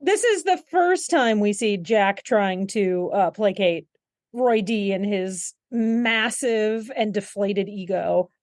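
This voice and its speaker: A woman's voice: medium pitch, lively intonation, takes it slowly. A woman co-hosting a podcast, adding dry, wry remarks in casual chat. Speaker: podcast co-host.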